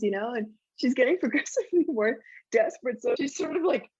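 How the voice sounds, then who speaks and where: A woman and guest author in a casual interview chat, telling stories in an animated way and laughing often. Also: a little high, fast, breathy edge, no echo, dull audio. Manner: animated, laughing anecdotal storytelling.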